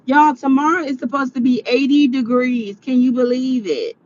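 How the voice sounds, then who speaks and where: A woman's voice: high voice, moderate pace, a little mellow, lo-fi sound, a little hiss or hum. A tired woman vlogging to her viewers in a rambling, chatty monologue. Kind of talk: casual monologue.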